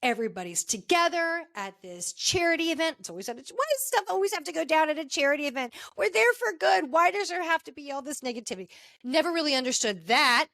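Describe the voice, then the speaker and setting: A woman hosting a casual podcast, recapping a reality show finale in a gossipy, animated way and acting out the cast's lines. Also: sits high, quick pace, vocal fry, no room sound, studio quality. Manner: animated, gossipy, acts out quotes. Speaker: podcast host. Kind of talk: casual pop-culture recap.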